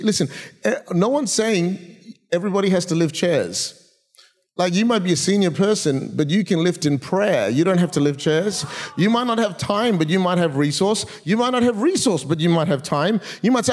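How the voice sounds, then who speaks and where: A man preaching a sermon as a guest preacher, with humorous, energetic storytelling and quick asides, in a large church auditorium. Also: high voice. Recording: long reverb of a large hall.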